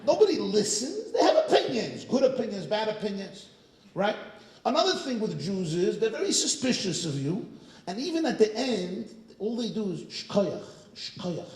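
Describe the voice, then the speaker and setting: A man, a rabbi, telling a humorous story to a synagogue audience, animated and joking, with frequent asides to the crowd. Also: high-pitched, normal speed, roomy sound, rough recording. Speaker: rabbi, guest speaker. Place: synagogue hall.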